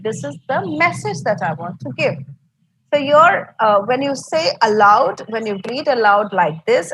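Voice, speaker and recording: Husky-voiced Indian English woman teaching. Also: on the high side, fairly bright tone, low-quality recording. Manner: patient, repetitive explaining. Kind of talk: online class lecture. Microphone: video call.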